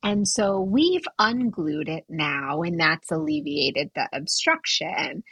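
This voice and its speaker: A woman's voice: sits low, lively intonation, slow, a bit bright, husky, muffled recording. A woman on a podcast as a guest doctor, telling self-deprecating stories in a dry, wry way. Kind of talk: casual chat.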